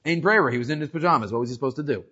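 A man teaching a casual religious class, telling a story with lively energy. His voice sits a little high, and he often restarts mid-sentence. The recording is muffled and lo-fi. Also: racing, husky. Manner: animated storyteller with frequent restarts. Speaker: Torah teacher.

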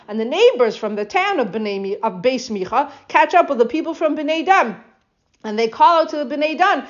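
A woman leads a verse-by-verse scripture lesson. She moves between reading the original verses and retelling them with lively emphasis. Her voice sits slightly high, and the recording sounds muffled and lo-fi. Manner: reads Hebrew verses then explains in English, animated retelling. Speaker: Bible teacher. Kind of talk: text study lesson, translating verse by verse. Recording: dull lo-fi recording.

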